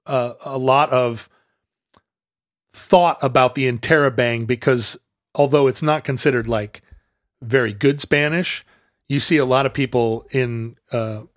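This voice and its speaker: A man's voice: medium pitch, fairly even intonation, measured pace, no room sound, clean studio sound. A man co-hosting a casual chat, musing aloud and often restarting his thoughts.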